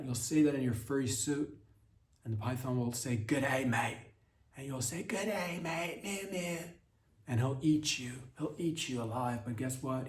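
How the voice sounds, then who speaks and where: Man, comedy podcast host, absurd mock-serious rant, rambling restarts, mid-pitched voice, echoey room. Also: a little mellow. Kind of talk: absurd deadpan comedy monologue.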